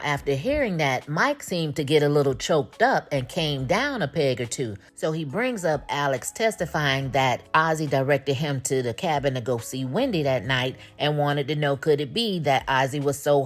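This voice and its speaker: Low-voiced woman, chatty and wry. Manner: chatty and slangy, with wry humor. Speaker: TV recap host. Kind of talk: casual episode recap.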